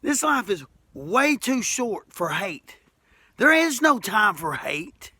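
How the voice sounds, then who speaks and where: A man's voice: high voice, big pitch swings, takes it slowly, bright, forceful tone, no echo. A middle-aged man with an Alabama accent, talking folksy and plainspoken straight to camera, repeating himself and rising to emphatic points. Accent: Southern US, Alabama. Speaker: masonry worker speaking to camera. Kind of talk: impassioned monologue to camera.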